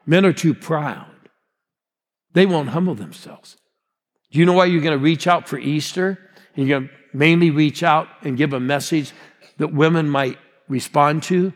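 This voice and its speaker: A man's voice: fairly high pitch, normal speed. Rousing older man preaching in a hall. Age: 60s. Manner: rousing, calls out to the congregation. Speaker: pastor. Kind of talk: sermon. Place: large church hall. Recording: long hall reverb.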